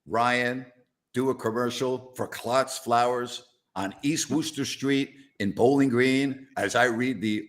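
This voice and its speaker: A middle-aged man hosting a post-game live stream, ranting and laughing with excitement. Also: medium pitch. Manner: exuberant, ranting, laughing often. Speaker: host.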